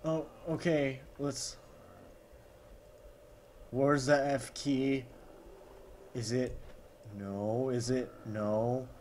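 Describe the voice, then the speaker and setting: A man's voice: mid-range voice, flat delivery, drawn-out words, pauses often, a little mellow, a little hiss or hum. Overexcited man in a gamer parody. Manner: overexcited, constant gasping exclamations; sarcastic asides. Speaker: gaming YouTuber parody. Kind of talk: comedic gameplay commentary.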